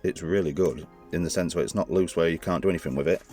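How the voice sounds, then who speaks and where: A man with a very low, deep voice talks through a hands-on toy review in a loose, rambling way, often correcting himself mid-sentence. Faint music plays underneath. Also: fairly even intonation, fast talker, darkish tone. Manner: chatty, rambling, self-correcting.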